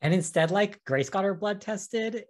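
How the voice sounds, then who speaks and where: A man's voice: sits high, measured pace. A man as guest co-host on a podcast, chatting casually and reacting with brief, puzzled comments.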